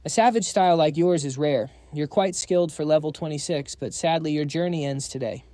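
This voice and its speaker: A man's voice: sits high, expressive, fairly quick, dark tone, no echo, studio quality, voice pushed up. A man voicing an arrogant, boastful male spear warrior who talks down to his foe. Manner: condescending, boastful.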